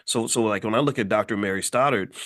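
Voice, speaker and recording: This Louisville, Kentucky native is a middle-aged commentator host who talks fast, with a fairly low pitch and a fairly bright tone. His casual monologue comes across as blunt and lecturing.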